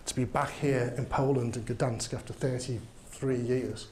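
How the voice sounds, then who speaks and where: A man's voice: medium pitch, fairly even intonation, a little slow, a little mellow, a little hiss or hum. A man with a Liverpool accent, a guest lecturer answering questions at a conference in a wry, anecdotal way, full of fillers, speaking into a handheld microphone. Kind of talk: conference talk and Q&A. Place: conference hall.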